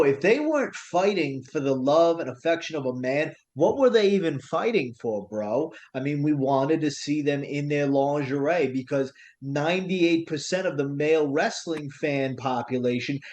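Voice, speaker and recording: A man's voice: on the high side, a little mellow. Jokey man ranting with "bro". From United States. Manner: jokey, says "bro" a lot, mock rants. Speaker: podcast co-host. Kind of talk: casual chat.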